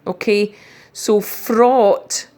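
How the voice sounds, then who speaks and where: Slow, deliberate woman teaching spelling. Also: mid-range voice, fairly even intonation, dark tone. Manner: deliberate, spells out letters, frequent ums. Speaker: primary school teacher. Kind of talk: recorded spelling lesson.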